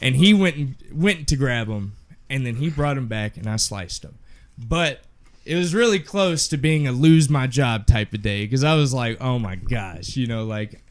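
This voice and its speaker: A young man telling a casual story on a podcast, animated and swearing freely, acting out the people in it. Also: mid-range voice, moderate pace. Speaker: podcast co-host.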